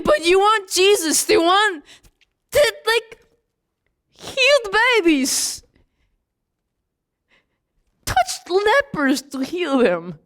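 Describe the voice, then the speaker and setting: Woman as a grieving, indignant apostle, high voice, slow and emphatic. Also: heavily acted. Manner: emphatic and indignant, talks straight to the listener. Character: young apostle John, a man, grieving and indignant. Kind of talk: dramatic first-person monologue.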